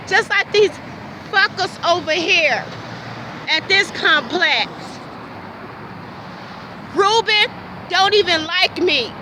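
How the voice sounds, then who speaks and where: A woman's voice: very high-pitched, expressive, takes it slowly, long pauses, sharp tone, slight background noise, low-quality recording. A woman recording an emotional personal monologue, talking with passion and repeating herself, asking question after question. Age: adult. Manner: impassioned, repetitive, rhetorical questions. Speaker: vlogger.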